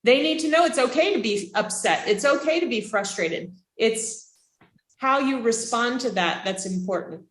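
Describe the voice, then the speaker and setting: A woman instructor giving a casual classroom lecture, chatty and animated, asking her students questions. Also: fairly high pitch, normal speed. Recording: echoey room.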